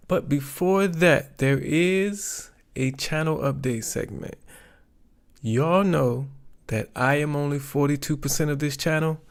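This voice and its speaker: Man, livestream host, gravelly, slow, rambling, lots of ums. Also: medium pitch. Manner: rambling, chatty, searches for words with many ums. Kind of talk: casual livestream chat.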